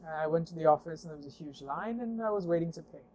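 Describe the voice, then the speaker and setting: A man with a fairly high voice talks fast over slight background noise. He's a guest sharing car stories as a casual anecdote, acting out the dialogue in animated fashion with plenty of fillers and "I'm like."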